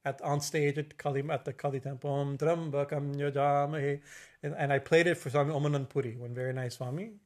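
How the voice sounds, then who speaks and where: A man giving a religious discourse as a swami, halting with fillers and restarts and slowly chanting Sanskrit verses. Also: medium pitch, fairly even intonation. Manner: halting, many fillers and restarts, tag questions. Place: temple.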